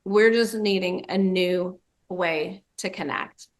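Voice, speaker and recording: A woman's voice: on the low side, slow. A woman dementia trainer giving a webinar presentation, telling a story and acting out the quoted voices.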